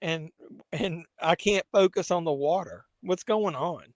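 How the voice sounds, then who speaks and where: Guy rambling on his live stream to chat, kinda high voice, dead dry mic. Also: unhurried, dry recording. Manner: rambling, talks to viewers and his pet. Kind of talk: casual live watch-along chat.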